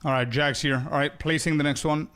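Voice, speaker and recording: A man giving casual, relaxed commentary while playing an online game with teammates, thinking aloud as he goes. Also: on the high side, a little fast. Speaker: game streamer.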